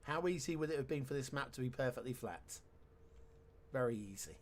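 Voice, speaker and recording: A man's voice: medium pitch, expressive, a little fast. A man giving casual let's-play commentary, chatty and wry with sarcastic asides. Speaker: game commentator.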